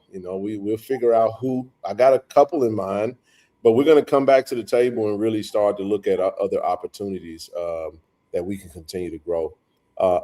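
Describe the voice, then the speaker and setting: A man's voice: on the low side, dark tone. A man hosting a casual livestream chat, talking in loose rambling runs with frequent restarts. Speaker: host.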